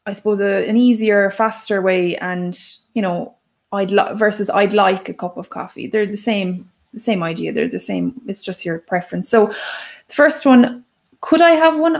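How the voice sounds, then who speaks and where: A woman's voice: medium pitch, moderate pace, creaky, darkish tone. A woman with an Irish accent, co-hosting a live language lesson, explaining phrases in a chatty, emphatic way. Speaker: Irish language teacher, co-host.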